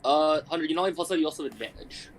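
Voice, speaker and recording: Man, fast talker, helpful player, casual, faint background hiss. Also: fairly high pitch. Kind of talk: casual game chat.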